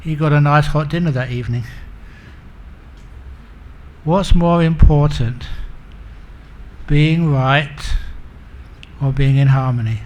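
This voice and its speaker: Monk teacher, male, storytelling sermon; unhurried, slightly raised pitch, self-mocking humor. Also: a little mellow. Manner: acts out characters in stories. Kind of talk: dharma talk with storytelling.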